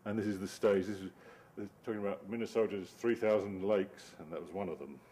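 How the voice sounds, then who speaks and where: A man's voice: fairly low pitch, steady tone, a little fast, mellow, a little hiss or hum. A middle-aged man, a cartoonist giving a wry, digressive talk over his slides and laughing often. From Britain.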